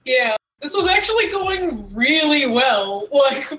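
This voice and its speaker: A woman playing a tabletop horror game, enthusiastically cheering on the chaos and cursing loudly. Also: high-pitched, very animated, slow. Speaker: player.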